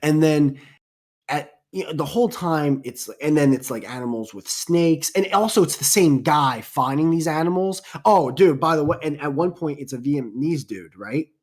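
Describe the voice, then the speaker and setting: A man's voice: on the high side, moderate pace, a little mellow. A man hosting a casual podcast chat, telling a story in a heated, profane way. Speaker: podcast host.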